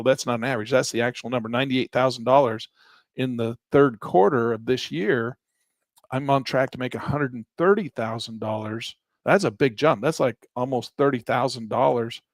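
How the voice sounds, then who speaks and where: Gravelly, sarcastic male trading instructor. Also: mid-range voice, dry recording. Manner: animated, sarcastic, conversational. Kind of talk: live trading training, screen walkthrough.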